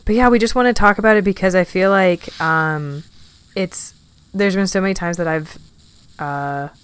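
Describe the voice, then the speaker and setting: A woman's voice: on the low side, normal speed, clear, resonant tone. A young woman co-hosting a casual podcast chat, talkative with frequent fillers and laughs. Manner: chatty, laughs often, many fillers. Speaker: podcast co-host.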